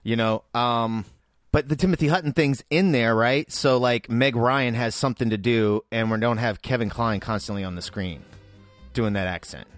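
A man's voice: mid-range voice, moderate pace, dry recording, faint music behind. A man co-hosting a casual film chat, blunt and opinionated, swearing casually. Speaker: podcast co-host.

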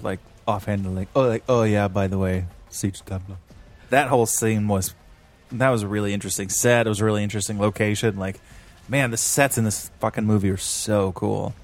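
Low-voiced man in casual chat. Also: fairly quick. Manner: profane, laughing, animated impressions. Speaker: podcast co-host.

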